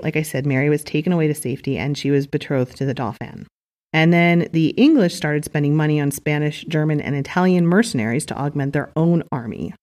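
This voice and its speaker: A woman's voice: low-pitched, a little mellow. A woman narrating history in an informal way, with wry, chatty asides.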